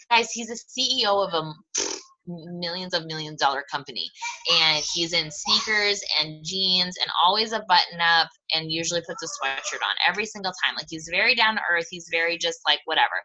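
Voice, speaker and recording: A woman's voice: fairly low pitch, pushed and bright, low-quality recording. A young adult woman coach talking casually to her team, enthusiastic and rambling, with lots of fillers and repeated words.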